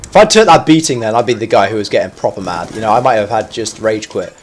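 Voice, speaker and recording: A man's voice: fairly low pitch, animated, quick pace, slight background noise. A man giving live commentary over his own gameplay. He chats in a self-mocking way, then yelps and squeals at sudden moments. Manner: chatty and self-mocking between fights.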